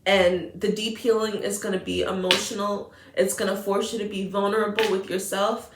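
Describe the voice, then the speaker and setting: Woman tarot reader, earnest and emotional, middle pitch, roomy echo around her voice. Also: flat delivery, moderate pace, noisy background. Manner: earnest, emotional, repeats phrases. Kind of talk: spiritual tarot reading.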